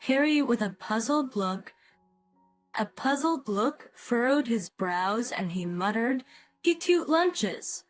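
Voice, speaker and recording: Woman in her 50s reading a family drama story, calm, slightly high voice, slow. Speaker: narrator. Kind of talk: scripted first-person story narration. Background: faint background music.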